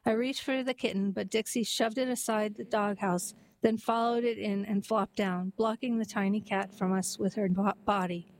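Woman, storyteller, gentle even narration, middle pitch. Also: moderate pace, hardly any pauses, rough recording.

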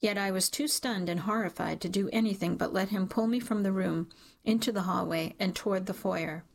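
Gravelly woman narrating a dark story. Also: mid-range voice. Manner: measured, dramatic storytelling. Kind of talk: scripted audiobook narration.

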